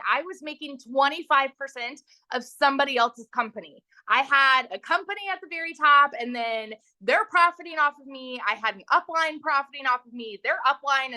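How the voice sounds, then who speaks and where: A chatty woman in her thirties, speaking high and bright, with a sharp, forward tone. She tells her story in a loose, excited way and keeps turning to speak to the viewers. The sound is dry and close. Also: no echo. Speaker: guest sharing her story. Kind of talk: casual livestream interview.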